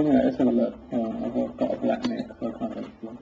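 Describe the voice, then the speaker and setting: A man's voice: medium pitch, level tone, quick pace, gravelly. A man in an online voice chat, answering a rant with dry, sarcastic teasing. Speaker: voice chat participant. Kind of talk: casual mocking chat. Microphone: computer mic in voice chat. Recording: roomy, dull lo-fi voice chat with faint hiss.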